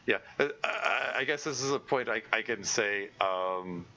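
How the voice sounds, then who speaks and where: A man's voice: on the low side, unhurried, bright, forceful tone, highs cut off, slight background noise. A man reading a visual novel aloud with commentary, stammering, repeating words and laughing often. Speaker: let's play gamer.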